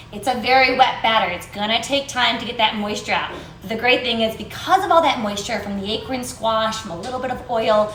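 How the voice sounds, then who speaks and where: A woman hosting a live cooking demonstration in a kitchen, chatty, bubbly and easily excited. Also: a little high, reverberant, slight background noise. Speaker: cooking show host.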